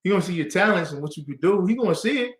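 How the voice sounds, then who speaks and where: A man with a high voice leads a scripture class. His pitch swings widely as he jumps into the voices of the people he quotes. The room around him is echoey. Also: rapid-fire. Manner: lively, call-and-response, acts out quoted voices. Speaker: class teacher. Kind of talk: animated scripture teaching.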